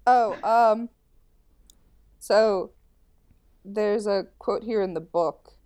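A woman's voice: mid-range voice, very slow, darkish tone, slight background noise. A young adult woman co-hosting a podcast, talking emphatically in casual chat and repeating phrases for effect. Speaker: podcast co-host.

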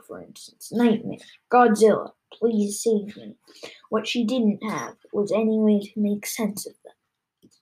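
A woman's voice: medium pitch, darkish tone, poor audio. Woman reading a children's novel aloud. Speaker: narrator.

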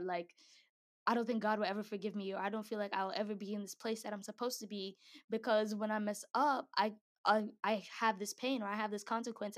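A young woman giving a casual devotional talk to a Christian group, chatty and slangy, often laughing. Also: medium pitch. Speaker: speaker at a Christian gathering.

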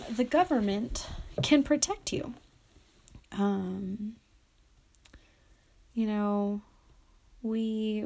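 A woman's voice: medium pitch, darkish tone, a little hiss or hum. A young woman hosting a solo podcast, chatting casually and reading articles aloud, rambling with many fillers and self-corrections. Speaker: podcast host.

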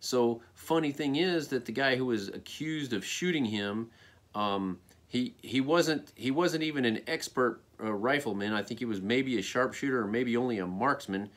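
A man's voice: mid-range voice, moderate pace. An American man giving a casual spoken opinion monologue, rambling with many fillers and checking in with "okay?". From United States. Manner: rambling, frequent "okay?" and "you know" fillers.

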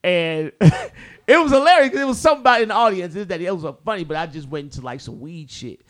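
A comedian telling a story in casual chat, animated and profane, acting out what people said. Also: male voice, high-pitched, fast talker. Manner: animated, profane, acts out quotes.

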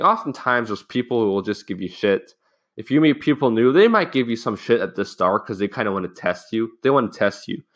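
A man's voice: on the low side, a bit bright. A young man hosting a casual self-help talk, rambling and swearing as he tells a school story and acts out the people in it. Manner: rambling, swears freely, acts out quoted lines. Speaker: podcast host.

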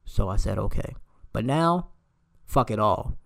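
A man in his late twenties telling a heated storytime rant, emphatic and profane, his voice jumping high when he gets outraged. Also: animated, measured pace, gravelly, fairly bright tone. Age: late 20s.

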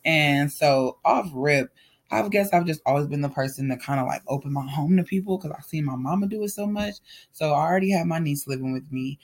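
A man's voice: a little high, a little fast. A man telling a personal story in a casual, candid way, talking straight to his viewers. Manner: candid and animated, addresses viewers directly.

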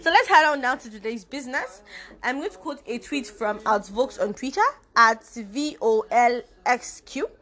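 Young woman, podcast host, chatty and playful, slightly high pitch. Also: animated, moderate pace, a bit bright. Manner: chatty and informal, with playful asides. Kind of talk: casual solo podcast talk.

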